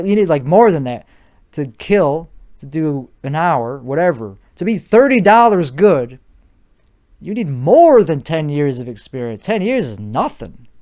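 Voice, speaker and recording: Slightly high, with a darkish tone that's clear and resonant, a man hosts a rambling one-man podcast. His Chicago accent is put on, he's worn out from no sleep, and he stays profane and argumentative, going over the same ground repeatedly.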